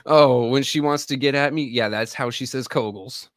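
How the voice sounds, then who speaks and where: A man's voice: medium pitch, moderate pace, no room sound. A man in his thirties, an army veteran hosting a live stream, rambling and profane as he chats straight to viewers. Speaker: livestream host and army veteran. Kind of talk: casual live-stream chat.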